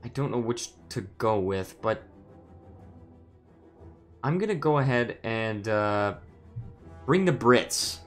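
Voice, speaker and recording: A man's voice: on the low side, slow pace, long pauses, faint music behind. A man streaming a strategy game, musing aloud with hesitant restarts while reading chat messages.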